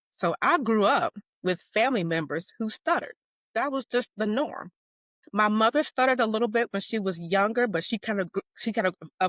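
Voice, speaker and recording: A woman's voice: mid-range voice, no room sound. Woman who stutters, dry close sound. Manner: stutters with repeated sounds and words; warm, laughing, emphatic. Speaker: guest, educator. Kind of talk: personal storytelling in an interview.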